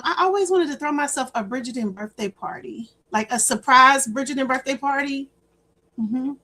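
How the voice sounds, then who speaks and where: A woman hosting a casual livestream, chatting warmly with viewers, repeating her words and greeting people in the chat by name. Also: sits high. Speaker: livestream host.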